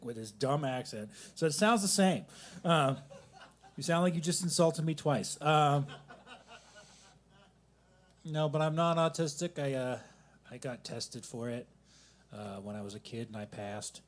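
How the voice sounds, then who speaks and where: A man's voice: mid-range voice, measured pace, a little hiss or hum. A young man doing a rambling, self-deprecating stand-up set at a coffee shop open mic, with angry asides.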